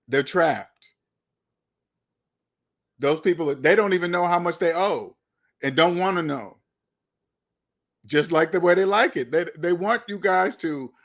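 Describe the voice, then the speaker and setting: Blunt high-voiced man lecturing. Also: fairly bright tone. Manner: blunt, lecturing, repeats himself. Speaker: finance commentator. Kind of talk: opinionated video commentary.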